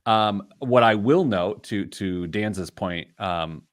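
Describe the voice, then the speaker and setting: A man's voice: fairly low pitch, slow, no echo. A man hosting a casual radio show, telling jokey stories on a studio mic. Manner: animated storyteller, jokey. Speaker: host.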